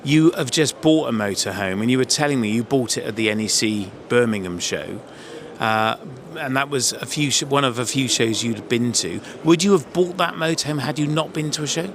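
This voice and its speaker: A man's voice: medium pitch, expressive, moderate pace, fairly bright tone, slight background noise. A man hosting a podcast, interviewing visitors at a busy exhibition hall and laughing easily. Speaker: podcast host and show interviewer. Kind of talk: casual interview at a trade show.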